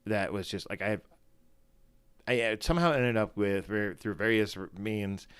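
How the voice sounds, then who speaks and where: A fantasy football streamer hosts a casual solo livestream in his morning voice, rambling and self-deprecating with plenty of fillers and restarts. His voice is on the low side, a bit bright and smooth, at normal speed, with a dry recording.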